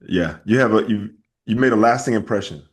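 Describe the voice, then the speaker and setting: A man's voice: lowish voice, brisk, slightly rough. A man from Alabama co-hosting a podcast, chiming in with enthusiastic agreement. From Alabama, USA. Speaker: podcast co-host. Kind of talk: casual podcast chat.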